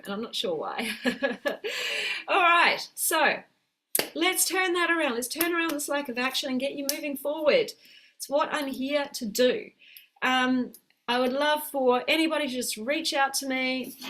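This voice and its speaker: An encouraging middle-aged woman coaches viewers live over a webcam microphone. Her voice sits a little high, and she reads comments and answers them in a gentle, supportive way. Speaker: health coach. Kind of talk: live-streamed coaching talk. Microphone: webcam mic on a video call.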